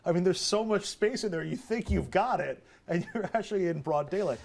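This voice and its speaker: Fast-talking opinionated male panelist. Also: high voice, animated, creaky. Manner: quick, opinionated, jokey. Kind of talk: casual panel discussion.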